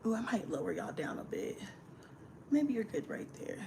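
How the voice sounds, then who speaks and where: A woman's voice: fairly high pitch, big pitch swings, normal speed, noisy background. A young woman, hosting a casual livestream, chatting, laughing often and greeting viewers by name. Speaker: livestream host.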